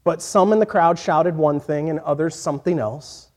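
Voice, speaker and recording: A man preaching a sermon in an earnest voice that moves from quiet, reflective passages to emphatic points. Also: a little high, moderate pace. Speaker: pastor.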